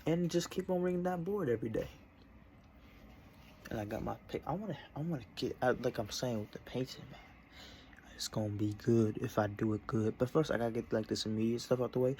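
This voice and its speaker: Young male vlogger, casual and meandering, average pitch, slight background noise. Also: a little fast. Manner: meandering, self-interrupting, relaxed. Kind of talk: casual rambling vlog. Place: at his desk indoors.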